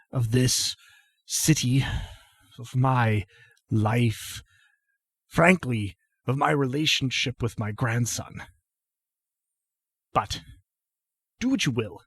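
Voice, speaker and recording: A man's voice: animated, very slow, long pauses, husky, dry recording, heavily acted. A man playing a weary coughing old patriarch. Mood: defiant. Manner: weary, cracked, raises pitch. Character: bitter frail old male patriarch, coughing.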